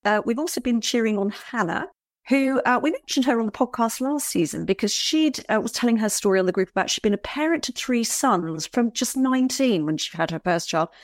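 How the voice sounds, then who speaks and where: A woman's voice: medium pitch, no echo, clean studio sound. Teasing middle-aged woman co-host. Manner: teasing quizmaster. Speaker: podcast co-host. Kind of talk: casual chat.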